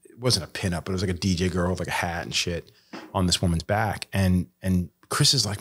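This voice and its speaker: Brief: lower-voiced male guest, profane, lively storyteller, casual podcast chat. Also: a little fast, breathy edge. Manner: swears a lot, animated when retelling others. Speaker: guest tattoo artist.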